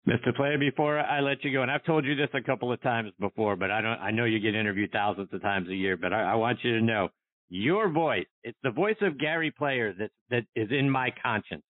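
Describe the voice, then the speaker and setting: A man's voice: mid-range voice, fairly quick, dry recording. A man hosting a podcast interview, asking questions in an earnest, respectful manner. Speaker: podcast host. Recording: tinny phone-like, dry.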